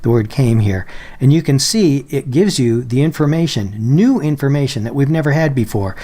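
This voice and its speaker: In a screen-recorded tutorial, a medium-pitched man presents Bible software, patiently explaining one of its features. He stays calm and slows down whenever he reaches quoted phrases and examples.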